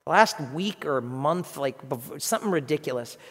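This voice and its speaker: A man's voice: a little high, moderate pace, slightly rough. Emphatic man preaching in a hall. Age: 50s. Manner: animated, emphatic storytelling. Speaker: pastor. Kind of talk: sermon.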